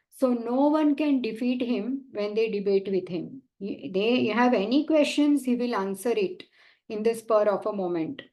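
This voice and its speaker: Slightly high-voiced woman telling a devotional story. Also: a little mellow, rough recording. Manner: storytelling, many fillers. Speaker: devotional speaker.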